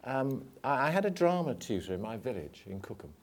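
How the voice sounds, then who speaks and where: A male actor on a theatre panel tells stories in a chatty, self-deprecating way. He stumbles into restarts often. His voice sits at a middling pitch. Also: very animated, a little fast. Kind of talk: panel anecdote. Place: theatre stage before an audience.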